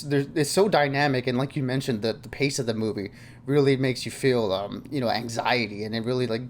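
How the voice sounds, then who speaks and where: A man's voice: medium pitch, darkish tone. Thoughtful young man, faint hiss behind. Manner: thoughtful, measured, lots of "you know" and repeats. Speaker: film review co-host. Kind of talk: casual film review chat.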